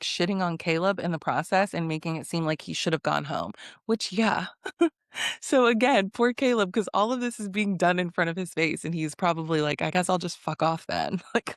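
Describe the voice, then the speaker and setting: A woman's voice: on the low side, dry recording, studio quality. A woman giving a casual reality TV recap, blunt, sassy and profane, often breaking into laughter. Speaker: recap vlogger.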